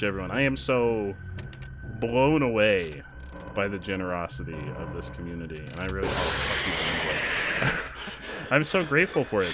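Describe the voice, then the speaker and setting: Excitable male streamer thanking chat. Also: noisy background. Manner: excitable, shouts out thanks to donors with big jumps in pitch. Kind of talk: casual live-stream chat while gaming.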